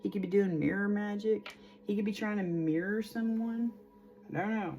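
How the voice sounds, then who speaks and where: A woman's voice: medium pitch, moderate pace, mellow, dull audio, soft background music. A woman in her forties giving a casual, chatty tarot reading, rambling with lots of fillers. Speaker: tarot reader.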